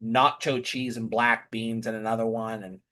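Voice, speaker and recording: A man's voice: lowish voice, level tone, normal speed, pushed and bright. Rambling man giving a casual update. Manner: rambling, with frequent restarts and self-corrections; chatty, easily amused. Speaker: vlogger.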